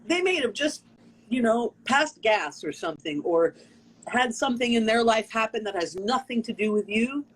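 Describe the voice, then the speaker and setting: An American woman, a performance artist, telling a personal story on a video call interview in an expressive, earnest way, acting out the people she quotes. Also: a little high, moderate pace, slight background noise, low-quality recording. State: tearful.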